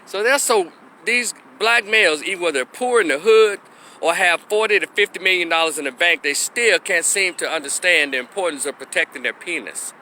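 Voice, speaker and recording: This Memphis opinion commentator, a middle-aged man, speaks briskly in a high, sharp voice with lively intonation. He gives a frank monologue for his vlog and occasionally acts out the people he quotes. Slight hiss or hum can be heard.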